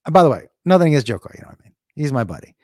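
A man hosting a podcast in a casual, rambling chat, animated and swearing freely. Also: on the high side, rapid-fire, no echo, studio quality.

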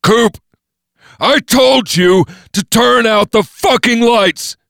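A man voicing a feverish, volatile young man in an audiobook, talking loud and strained. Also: medium pitch, unhurried, no echo, studio quality, pitched above the performer's own voice, close to an everyday voice. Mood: enraged. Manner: loud and strained, turning from rage to pleading.

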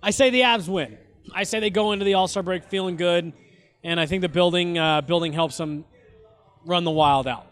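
A man's voice: high voice, normal speed, fairly bright tone, clear, resonant tone. A man hosting a sports podcast, chatting casually, rambling with restarts and frequent laughs. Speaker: podcast host.

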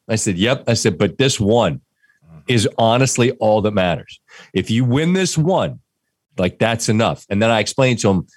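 A man's voice: on the low side, moderate pace, no echo. Podcast guy telling a laid-back story, super dry close sound. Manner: relaxed anecdotal storytelling. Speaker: podcast co-host. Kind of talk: casual sports chat.

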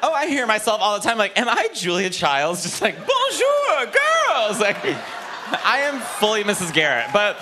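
A man doing a stand-up comedy set on a club stage, animated and campy with quick jokes. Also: sits high, noisy background.

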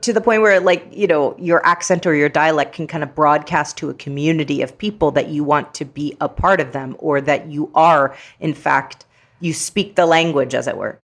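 Low-voiced, chatty woman. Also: normal speed. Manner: chatty and playful, with many fillers. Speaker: guest, actress and author. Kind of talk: casual interview conversation.

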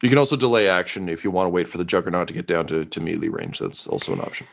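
Low-voiced man running a tabletop game. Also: very fast, gravelly. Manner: relaxed, many ums and uhs. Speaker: game master.

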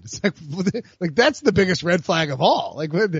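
A man co-hosting a sports podcast in casual chat, rambling and animated with many restarts. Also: high-pitched, normal speed, gravelly, slightly rough, no echo, dull audio. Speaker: podcast co-host.

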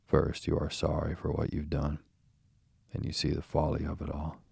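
A man reading a stern, solemn old male badger in a bedtime storybook, speaking with grave, measured firmness. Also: very deep voice, monotone, creaky, a little mellow, slightly rough, no room sound, exaggerated voice.

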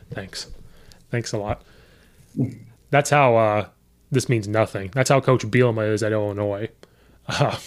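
A man hosting a podcast, chatting casually and telling coaching stories, quoting his players and himself. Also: medium pitch. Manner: storytelling, quotes players and himself. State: voice sometimes hoarse from coaching. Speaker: podcast host and high school coach.

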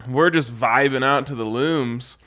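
A man's voice: mid-range voice, a little slow, sharp tone. A man co-hosting a podcast, telling stories in slangy, laid-back, casual banter. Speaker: podcast co-host.

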